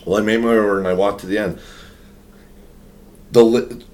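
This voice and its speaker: A man's voice: lowish voice, moderate pace. A young man hosting a podcast, telling a rambling story in casual chat, swearing constantly. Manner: profane, rambling, animated storyteller. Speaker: podcast host.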